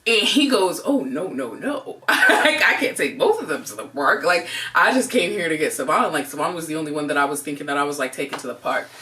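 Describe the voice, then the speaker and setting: A young woman co-hosting a couple's channel, telling a story in a casual, animated way, full of "like" and acted-out quotes. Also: sits low, fairly quick, few pauses. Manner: animated, heavy use of "like", acts out quotes. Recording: voice a bit distant from mic.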